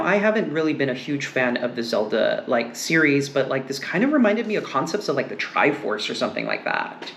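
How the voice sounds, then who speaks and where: A man's voice: on the high side, fairly bright tone. Musing man reading tarot, echoey room. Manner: musing, meandering, frequent fillers. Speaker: tarot reader. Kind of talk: casual tarot reading and discussion. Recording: echoey room with faint noise.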